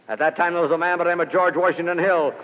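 An older man giving a motivational speech to salespeople, telling an anecdote and building to loud emphatic peaks before dropping quiet again. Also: a little high, steady tone, rapid-fire. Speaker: sales speaker. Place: lecture hall. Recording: old lo-fi recording in a large hall.

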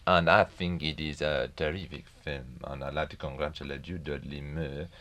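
A man putting on a French accent to fake a celebrity film endorsement, mock-pompous and halting. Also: very deep voice, fairly even intonation, bright, forceful tone. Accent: French, put on.

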